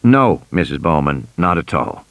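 A man voicing a calm, assured American field biologist with a soft Southern accent in an audiobook. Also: very deep voice, measured pace, gravelly, dry recording, pitched below the performer's own voice, exaggerated voice.

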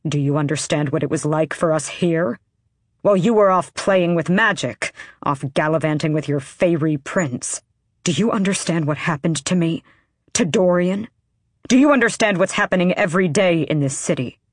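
A woman's voice: lowish voice, moderate pace, no echo, clean studio sound, natural voice. A woman voicing a stern young man who is blunt and accusing, with clipped, curt delivery. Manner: curt, clipped, speaks through his teeth.

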